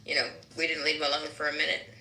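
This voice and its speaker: A woman joking around in a voice chat room, her tone sarcastic and playful. Her voice is sharp and bright, and it sits a little low for a woman. The sound is echoey. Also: completely flat delivery. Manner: sarcastic, playful, quick comebacks. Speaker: participant in an online voice chat room. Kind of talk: casual joking group chat.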